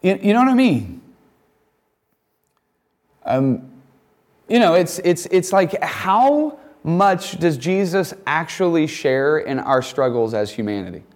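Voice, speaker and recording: Male Bible teacher, lively pitch, animated classroom delivery, acts out quotes. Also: takes it slowly, pauses often. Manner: animated, acts out quoted lines in character voices. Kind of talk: classroom Bible lesson with text reading.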